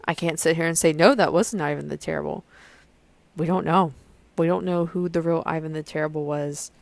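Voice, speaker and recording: A woman's voice: sits low, steady tone, fairly quick, vocal fry, no room sound. A young woman hosting her own podcast, talking casually and rambling with many fillers and restarts. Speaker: podcast host. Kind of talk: casual solo podcast chat.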